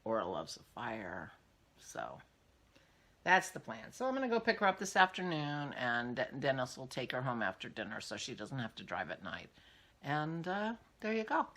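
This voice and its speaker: A woman's voice: a bass voice, big pitch swings, moderate pace, fairly bright tone. An older woman hosting a casual vlog, chatting in a rambling way as she thinks aloud. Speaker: podcast host.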